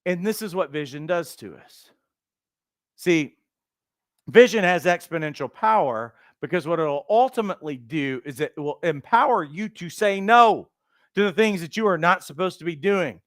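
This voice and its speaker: Earnest high-voiced male coach. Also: animated, moderate pace, no echo. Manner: earnest, emphatic, builds through repeated phrases; acts out quoted voices, occasional restarts. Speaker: coach trainer. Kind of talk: motivational teaching talk.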